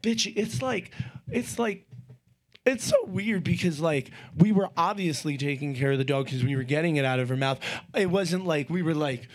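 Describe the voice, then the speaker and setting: A man's voice: on the high side, lively intonation, normal speed. A man hosting a casual podcast from home, telling rambling, profane stories while stoned. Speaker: podcast host. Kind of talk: casual chat.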